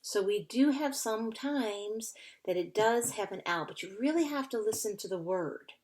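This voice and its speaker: A woman's voice: a little high, animated, normal speed, darkish tone. A woman teacher giving a recorded phonics lesson to children, patiently sounding out and spelling words. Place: indoors at a whiteboard.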